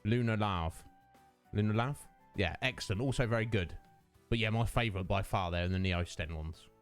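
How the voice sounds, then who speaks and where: A man's voice: lowish voice, fairly quick, smooth, soft background music. A man, chatting casually with his livestream viewers, greeting them by name and laughing often. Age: 30s. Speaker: streamer.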